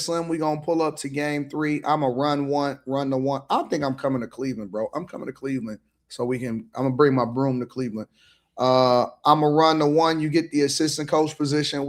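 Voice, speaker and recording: A man hosting a casual panel show, reading out viewer comments in a slangy, joking way. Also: on the high side. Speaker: podcast host reading chat.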